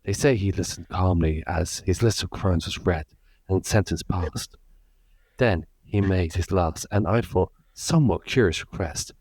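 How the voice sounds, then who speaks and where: A solemn male time-traveller narrates in a steady, deadpan way, read by a man. His voice is very low and serious. The sound is dry with no room around it. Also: a little slow, husky, no room sound.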